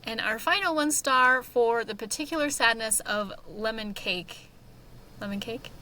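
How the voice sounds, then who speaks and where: A woman co-hosting a podcast, chatting casually and reading book reviews aloud with lively, giggly asides. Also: on the high side, slight background noise, low-quality recording. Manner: animated, giggly, quick asides. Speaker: podcast co-host.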